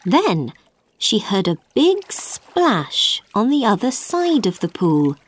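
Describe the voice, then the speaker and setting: A woman narrating a storybook in a clear, deliberate reading voice meant for children. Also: mid-range voice, big pitch swings, slight background noise.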